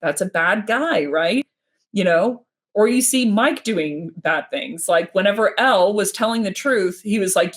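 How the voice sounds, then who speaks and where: A woman's voice: mid-range voice, animated. Rambling woman on a livestream. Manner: fast, rambling, with many restarts. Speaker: guest speaker. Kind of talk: casual livestream chat.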